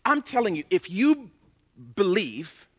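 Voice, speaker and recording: A man preaching a sermon as pastor, impassioned and building to loud, emphatic bursts. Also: sits high, very animated, slow pace.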